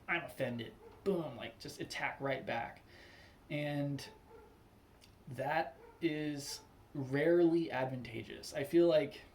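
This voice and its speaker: Rambling young man, slightly high voice. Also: a little mellow, a little hiss or hum. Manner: loose and rambling, full of "like", acts out angry quotes. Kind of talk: casual spoken monologue.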